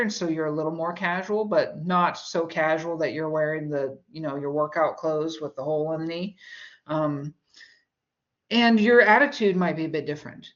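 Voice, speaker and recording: A woman's voice: on the low side, lo-fi sound. A woman teaching a college English course in a recorded lecture, explaining with everyday examples and chatty asides.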